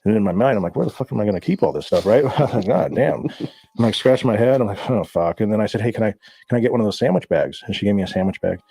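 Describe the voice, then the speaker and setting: A man from Southern California, a guest, telling a profane, animated story in casual talk and acting out the voices of people he quotes. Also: on the low side, fast talker, creaky, slightly rough.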